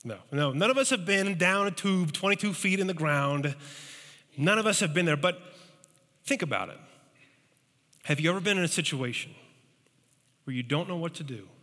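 A man preaching a sermon as pastor, telling stories with animated, acted-out voices. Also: on the high side, normal speed, long pauses, in a large hall. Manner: animated storytelling, acting out scared voices.

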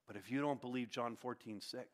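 A man preaching a sermon as a pastor, emphatic and earnest, moving between raised declarations and quieter passages. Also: medium pitch, fairly quick. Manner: emphatic preaching, swinging from loud to hushed.

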